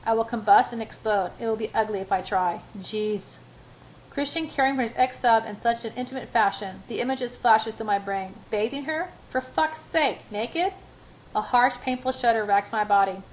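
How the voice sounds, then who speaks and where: A woman's voice: fairly high pitch, steady tone, normal speed, slight background noise, low-quality recording. A woman narrating a romance novel in the first person as an amateur audiobook, with small slips and restarts.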